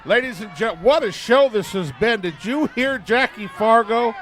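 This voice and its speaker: A high-pitched man does color commentary on a wrestling broadcast. He plugs upcoming events and praises the wrestlers in a folksy, hyped-up drawl full of "I tell you what". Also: lively intonation, normal speed, fairly bright tone.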